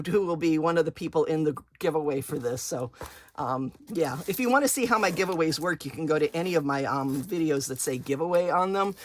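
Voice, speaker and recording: Woman, craft vlog host, gushing, low voice, faint background hiss. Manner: gushing, excited, squeals with delight over items. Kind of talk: chatty unboxing vlog.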